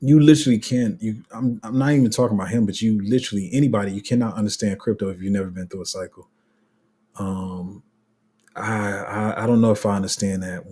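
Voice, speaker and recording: Livestream host, male, mellow husky tone, loose rambling delivery. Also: on the low side. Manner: rambling, restarts often, laughs at himself; reads viewer comments aloud. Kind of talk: casual livestream chat reading comments.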